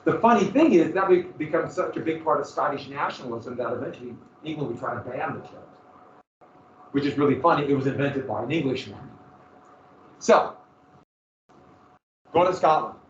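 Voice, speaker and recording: Male teacher, a touch high-voiced, casual and jokey, lecturing from across a roomy classroom on a dull mic. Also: expressive, moderate pace, pauses often, distant mic, slight background noise. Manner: casual, joking, digressive storytelling.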